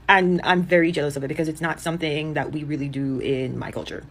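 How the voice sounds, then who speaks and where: Woman, deep voice, quick chatty commentary. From Jamaica. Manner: warm, enthusiastic, uses fillers like "like". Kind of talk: casual commentary to camera.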